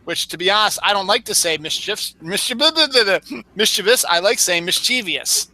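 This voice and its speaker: A man's voice: sits high, steady tone, quick pace, bright, forceful tone, no echo, poor audio. A man co-hosting a podcast in casual chat, chatty and playful, often stumbling and restarting his sentences. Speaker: podcast co-host.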